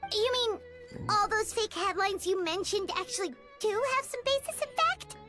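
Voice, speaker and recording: A woman voicing a tiny, excitable fairy companion girl who talks in a squeaky, childlike way. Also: moderate pace, faint music behind, full character voice. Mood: incredulous.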